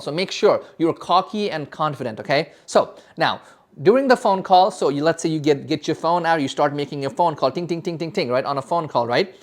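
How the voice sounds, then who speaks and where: A man's voice: on the high side, brisk. A man giving a sales lesson, talking emphatically and ending many sentences with "okay?" and "right?", often restarting words. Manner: repeats and restarts words while explaining. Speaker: sales coach. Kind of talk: instructional talk to camera.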